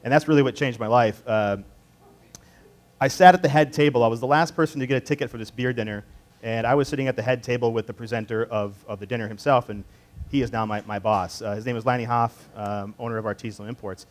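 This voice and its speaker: A man's voice: mid-range voice, steady tone, fast talker. Easygoing man telling stories at a tasting. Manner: conversational, rambling with fillers and restarts. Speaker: beer importer representative presenting a tasting. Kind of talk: casual tasting class talk with personal story. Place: indoor tasting class.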